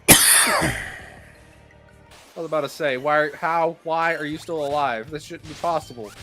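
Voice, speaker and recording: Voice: medium pitch, pushed and bright, soft background music. A player in casual gaming banter who teases friends and laughs easily. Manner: teasing, quick to laugh.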